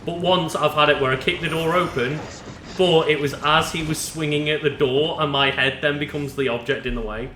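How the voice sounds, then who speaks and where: A man playing along in a let's play, relaxed and hedging as he explains how he usually plays. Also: a little high, normal speed, a little hiss or hum. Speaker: co-player. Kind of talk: casual gameplay commentary. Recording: echoey room.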